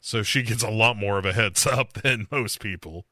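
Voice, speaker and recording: A man's voice: fairly low pitch, moderate pace, sharp tone, dry recording, clean studio sound. A man co-hosting a podcast, casually retelling a TV episode in a rambling way, acting out lines as he goes. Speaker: podcast co-host. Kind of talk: casual recap chat.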